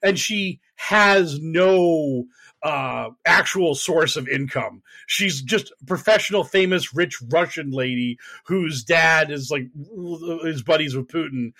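A man's voice: on the high side, slow, gravelly, bright, forceful tone. A young man chatting on a podcast, rambling and joking, laughing often. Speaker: podcast co-host. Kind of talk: casual podcast chat.

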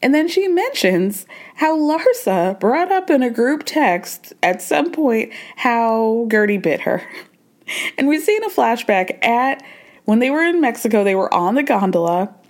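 A woman's voice: on the high side, big pitch swings, unhurried, a little mellow. A woman hosting a podcast, chatting casually and with opinions as she recaps reality TV, laughing now and then. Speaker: podcast host. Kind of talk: casual pop culture recap.

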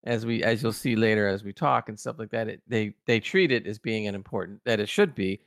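A man's voice: on the low side, brisk, dry recording. Exasperated man critiquing, dry close sound. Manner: emphatic and exasperated, pounding on flaws. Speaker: podcast co-host reviewing a TV episode. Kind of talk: casual review chat.

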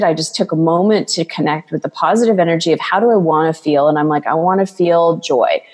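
A woman speaking as a guest coach in a casual interview talks in an earnest, flowing way, sometimes acting out other people's voices. Her voice is a bit low and darkish, with a long reverb trailing it.

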